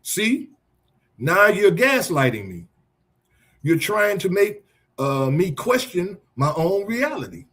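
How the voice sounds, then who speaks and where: A man's voice: high voice, very animated, slow pace, fairly bright tone, heavily acted. A man reading the part of a defensive husband who deflects blame with therapy words. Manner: reads the lines plainly, scripted. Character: defensive husband hiding behind therapy talk.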